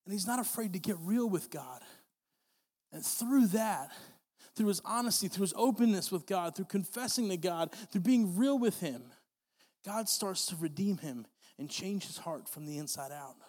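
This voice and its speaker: Earnest young preacher, high voice. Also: male voice, normal speed, a little mellow, big-room sound. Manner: earnest, repetitive, many restarts. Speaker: pastor. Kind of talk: sermon.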